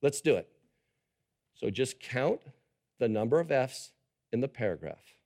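A pastor preaching a sermon to a live congregation, animated and quizzing the audience. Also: male voice, mid-range voice, unhurried. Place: church service with a live audience.

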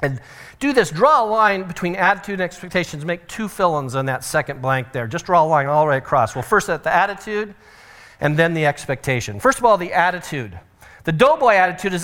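A middle-aged man preaching a sermon as pastor, telling stories with animated acted-out quotes. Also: on the high side, a little fast.

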